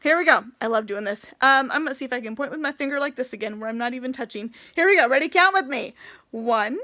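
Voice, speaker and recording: Upbeat woman teaching preschoolers on video, high bright voice, sing-songy and excited. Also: fast talker. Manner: enthusiastic and sing-song, talking to small children. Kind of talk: recorded lesson for young children.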